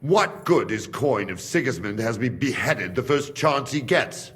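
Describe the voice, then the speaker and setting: A man voicing a stubborn, loyal guard from Buda who speaks calmly and firmly, with quiet threat, in a game cutscene. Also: medium pitch, measured pace. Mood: tense. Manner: calm, firm and threatening. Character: stubborn, loyal male guard holding captives. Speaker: a king's guard.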